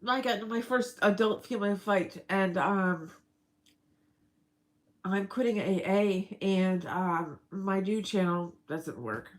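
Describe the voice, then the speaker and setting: A woman's voice: mid-range voice, slow, poor audio. A middle-aged woman rambling through a casual personal vlog, emotional and breaking into laughs. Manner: rambling, emotional, laughs often mid-sentence. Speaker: vlogger.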